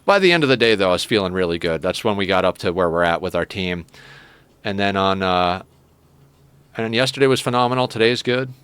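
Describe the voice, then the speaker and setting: A man's voice: low-pitched, expressive, a little fast, fairly bright tone, smooth, no echo. A man streaming a game, chatting casually and joking with his viewers. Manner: chatty, joking, talks to chat and his cat. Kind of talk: casual live-stream chat while playing.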